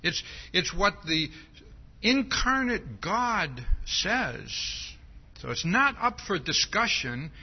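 A man's voice: high voice, big pitch swings, slow pace, husky, muffled recording. A man preaching an expository sermon as pastor, teaching in a conversational way and often asking his listeners "See?".

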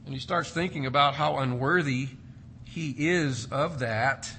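A man's voice: mid-range voice, unhurried, pushed and bright, slight background noise. A man preaching an expository sermon, emphatic and repeating key words for stress. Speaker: pastor.

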